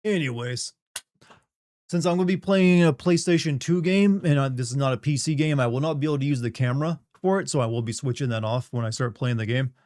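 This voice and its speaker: A man's voice: medium pitch, a little fast, a little mellow, no echo. Joking streamer man, dry close sound. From Southern United States. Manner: rambling, joking, reads chat aloud. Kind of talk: casual live-stream chat.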